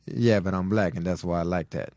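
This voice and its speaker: Male podcast co-host, low-ish voice, blunt and laughing, dry close recording. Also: steady tone, a little fast, darkish tone, no room sound. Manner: blunt, laughs while talking, says "yo, man". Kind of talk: casual chat.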